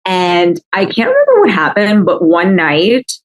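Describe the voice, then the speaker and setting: A woman's voice: mid-range voice, huge pitch swings, a little slow, rough recording. A woman guest on a podcast, talking openly and casually as she tells personal stories. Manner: open, storytelling, casual. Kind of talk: candid podcast chat.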